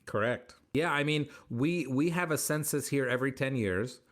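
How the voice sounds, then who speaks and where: A comedian man answering interview questions with animated, joking stories, acting out bits of dialogue. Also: mid-range voice, moderate pace. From United States. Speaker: comedian guest.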